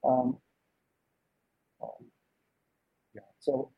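A man with a husky, slightly breathy voice gives a loose, conversational sermon. He keeps checking in with his listeners and asking "right?" as he talks. The recording sounds dull and lo-fi. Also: medium pitch, huge pitch swings, very slow, no echo. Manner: informal, asks "right?" often. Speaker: preacher.

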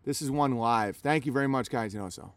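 A man's voice: medium pitch, fairly quick, no room sound. A man live streaming, talking casually to his chat in a rambling way with many restarts.

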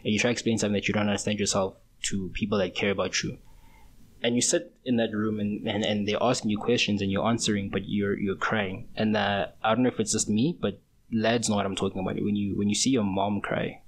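A man's voice: lowish voice, level tone, fast talker, a little hiss or hum. A young man in his twenties hosting a solo podcast, talking in a casual, rambling, slangy way. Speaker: podcast host.

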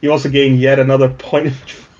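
A man's voice: medium pitch, flat delivery, fairly quick, darkish tone, a little hiss or hum. Man narrating as game master. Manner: chatty, hesitant, laughs often. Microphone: home microphone with noise suppression. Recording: lo-fi online call mic.

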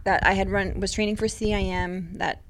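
A woman runner, a podcast guest, explaining calmly and step by step in casual chat. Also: mid-range voice, fairly quick, a little hiss or hum.

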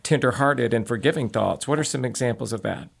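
Gravelly man hosting a Christian talk show. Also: medium pitch, a little fast. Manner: gently guiding questions, conversational. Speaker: host.

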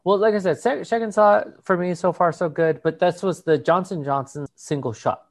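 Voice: medium pitch, normal speed. A podcast co-host telling a story in casual chat, swearing freely, laughing often and mimicking other people's voices.

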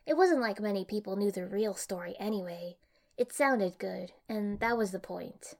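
A young woman reading fan fiction aloud in an expressive, even storytelling manner. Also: medium pitch, normal speed. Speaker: audiobook reader.

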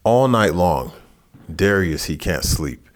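A man teaching a Bible passage in a relaxed, conversational sermon, who rises in pitch for lively asides. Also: takes it slowly. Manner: casual and animated, jumps higher in pitch for asides. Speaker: pastor.

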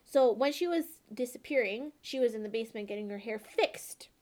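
A young woman with a slightly high voice tells a wild story in casual chat. She swears freely and keeps checking in with her listener. She sounds lively and unfiltered. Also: a little fast. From born and raised in the country she lives in. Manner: profane, animated storytelling with frequent "okay?" asides.

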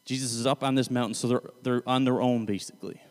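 Talking fast in a steady, mid-range voice, a man teaches from the Bible informally, loosely paraphrasing scripture and frequently stopping to correct himself mid-sentence. A long reverb tail trails his words.

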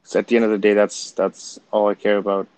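A man's voice: fairly low pitch, level tone, quick pace, a little mellow, poor audio. Chatty livestream host, a man. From Canada. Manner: chatty, laughs things off, addresses viewers directly. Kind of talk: casual livestream chat with viewers.

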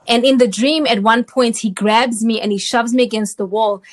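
Higher-voiced woman telling her story. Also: moderate pace. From South Africa. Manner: animated storyteller, often checks in with "okay?". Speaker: interview guest. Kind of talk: personal testimony storytelling.

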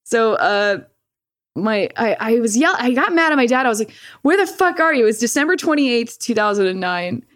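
A woman's voice: a little high, expressive, normal speed, fairly bright tone. A woman chatting casually, telling a story, swearing freely, laughing often and acting out the lines she quotes. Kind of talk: casual chat.

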